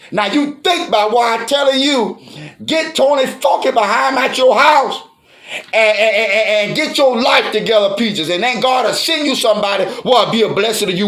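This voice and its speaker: A man's voice: sits high, a bit bright, echoey room, full character voice. A man playing a blunt, fiery old grandfather, scolding his granddaughter in a preachy, repetitive comedic monologue. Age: older. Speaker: grandfather giving advice.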